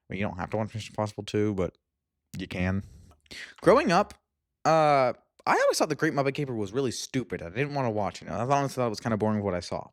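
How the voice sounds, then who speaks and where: Excitable young man gushing about movies. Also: medium pitch, dry recording, clean studio sound. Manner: excitable, gushing, quick to laugh. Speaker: movie reviewer. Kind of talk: casual movie ranking vlog.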